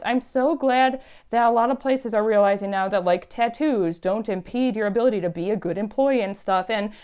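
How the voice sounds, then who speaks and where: Smooth-voiced woman chatting on her vlog. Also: on the high side. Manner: chatty, animated, emphatic. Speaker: YouTube vlogger. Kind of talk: casual storytelling vlog.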